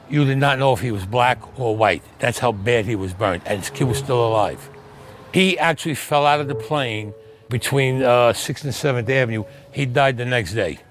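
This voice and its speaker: Older New Yorker, 70s, vivid insistent storyteller, mid-pitched voice. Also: male voice, fairly bright tone, slight background noise. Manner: emphatic, repeats key phrases. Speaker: interviewee. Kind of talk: recounting a memory on location.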